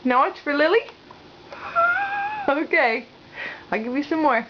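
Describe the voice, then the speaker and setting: A woman's voice: sits high, normal speed. A woman filming her toddler at home, chatting to her in a playful, cooing sing-song on a handheld camera. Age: adult. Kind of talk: home video chat to a toddler. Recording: muffled home video, background noise.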